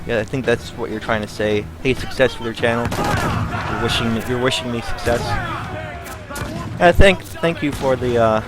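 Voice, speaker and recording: While playing a game on stream, an American man keeps up relaxed commentary and responds to viewers' messages. He speaks at a moderate pace in a mid-range voice, with game music running behind him.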